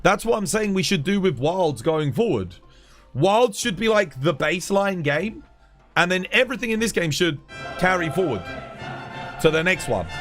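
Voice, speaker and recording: A man's voice: high-pitched, very animated, normal speed, a bit bright, faint music behind. A man chatting casually on a live game stream, rambling and repeating himself as he grumbles.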